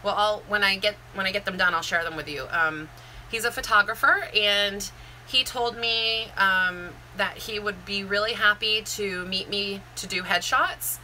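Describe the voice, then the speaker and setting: A woman's voice: medium pitch, fairly even intonation, moderate pace, pushed and bright, slight background noise, low-quality recording. A woman, a Zumba instructor, talking candidly in a rambling, heartfelt live-stream chat, full of fillers and restarts. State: near tears.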